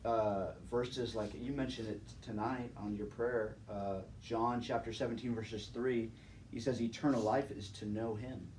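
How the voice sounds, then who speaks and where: Speaking unhurriedly in a lowish, steady, darkish voice, a young man shares his personal testimony before a live audience. He keeps it relaxed and chatty, laughs a lot, and addresses people as "man" and "dude," recorded from a distant mic with faint background noise.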